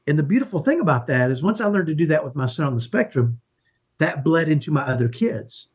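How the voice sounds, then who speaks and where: A middle-aged man with a somewhat high, husky voice talks as a guest in a conversational interview. He speaks earnestly and with emphasis, often checking in with the listener. His tone is that of a parenting coach explaining a point. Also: sing-song, quick pace. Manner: emphatic, earnest, keeps asking "right?".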